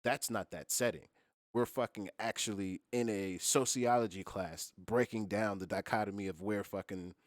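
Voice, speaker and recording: A man with a lowish voice, recorded dry and close. He hosts a casual podcast chat and explains his view at length, swearing freely as he goes. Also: no room sound. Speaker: podcast host.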